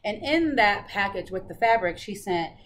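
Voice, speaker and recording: Chatty female stitching host, fillers and bursts of excitement, light noise behind. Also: mid-range voice, moderate pace. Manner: chatty, bubbly, many fillers. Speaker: Flosstube host. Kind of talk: casual cross-stitch chat.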